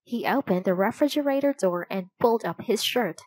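A woman narrating a children's storybook aloud in a slow, clear, even reading voice. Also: medium pitch, no echo, rough recording.

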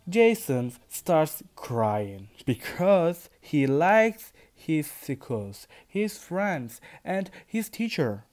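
A man with a Turkish accent, a podcast host, reads his own story aloud carefully and deliberately for English learners, now and then correcting himself. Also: fairly high pitch, sing-song, darkish tone, soft background music. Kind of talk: slow read-aloud narration for English learners.

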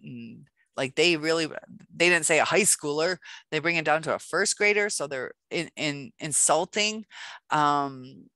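A woman talks casually to camera in a self-help video, her voice low-pitched yet bright and forceful. She rambles loosely with plenty of fillers and slips into little acted-out exchanges. The sound is dry and close, with no room around it. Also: a little slow, no room sound. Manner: loose and chatty, many fillers, acts out little quoted exchanges.

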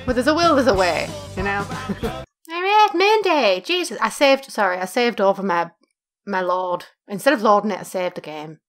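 A woman's voice: mid-range voice, a little fast, a bit bright, soft background music. A young woman giving casual, crude and jokey gameplay commentary as a let's play host, laughing often.

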